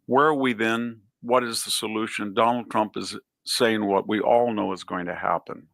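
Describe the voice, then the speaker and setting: Man, low gravelly voice, measured, explanatory, dry close recording. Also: fairly even intonation, a bit bright, dry recording. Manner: measured, explanatory, lists points. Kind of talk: political commentary.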